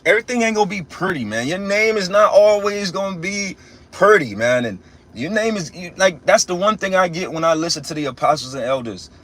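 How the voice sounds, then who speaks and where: A young man with a husky, breathy voice preaches in a loose, talky way, swearing freely and circling back over his own words. His voice sits high for a man, and he presses his points hard. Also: lively intonation, fairly quick, a bit bright. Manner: emphatic, profane and repetitive, with many restarts. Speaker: religious teacher. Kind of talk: casual spiritual rant.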